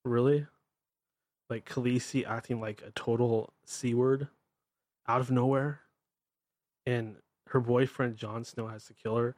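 Blunt profane host with Northwest accent. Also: male voice, medium pitch, steady tone, unhurried, pauses often, darkish tone, no echo. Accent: Pacific Northwest American. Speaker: podcast host. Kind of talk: ranting monologue.

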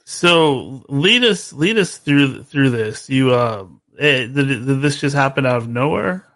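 A man's voice: medium pitch, animated, fairly bright tone, no echo. Easygoing male interview host. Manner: easygoing, halting with fillers. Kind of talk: casual interview.

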